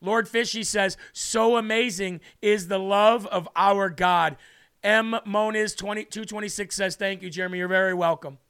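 A man's voice: sits high, fairly even intonation, moderate pace, a bit bright, clear, resonant tone. A man hosting a livestream who preaches fervently and emphatically, repeating words for stress, and is moved to tears. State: tearful, moved. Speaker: livestream host.

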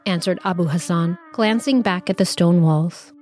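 A woman storyteller reading a scripted children's story aloud in a lively, expressive way. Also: lowish voice, moderate pace, faint music behind.

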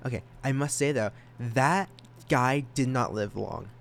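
A young man hosting a solo podcast, talking casually, excited and self-conscious, stammering through restarts and rambling. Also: mid-range voice, a little slow, creaky. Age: young adult. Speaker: podcast host.

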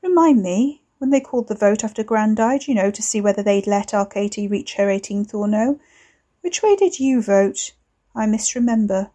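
A woman putting on a cocky young man, smug, mocking drawl, mellow tone. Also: medium pitch, animated, moderate pace, close to an everyday voice. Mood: taunting.

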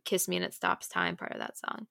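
A woman co-hosting a casual podcast chat, retelling book scenes with lively acted-out quotes. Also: a little fast, no echo, studio quality. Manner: animated, acts out scenes in loud quoted voices. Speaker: podcast co-host.

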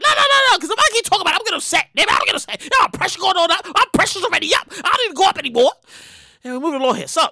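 A woman's voice: high-pitched, pushed and bright, no echo, studio quality. A woman hosting a show, ranting indignantly in casual commentary, swearing and repeating herself. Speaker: show host.

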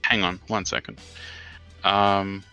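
A man's voice: sits low, level tone, slow pace, sharp tone, clear, resonant tone, muffled recording, faint music behind. A man co-hosting a casual football podcast, ranting in an exasperated way and swearing often. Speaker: podcast co-host.

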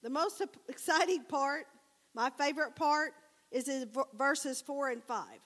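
High-voiced woman preaching in an echoing church. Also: measured pace. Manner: casual, animated storytelling, addresses the crowd as guys. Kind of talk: conversational sermon. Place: church sanctuary. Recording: long church hall reverb.

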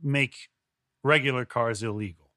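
A man co-hosting a podcast in casual chat, tossing in quick wisecracks. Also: medium pitch, sharp tone, no room sound, clean studio sound. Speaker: podcast co-host.

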